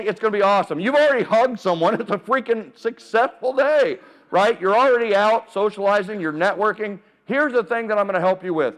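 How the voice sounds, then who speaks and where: A man giving a keynote talk at a live seminar, energetic and playful, calling out to the audience and getting them to join in. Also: high-pitched, a little fast, hardly any pauses. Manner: energetic, playful, calls out to the crowd. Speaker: keynote speaker. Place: event room with a live audience.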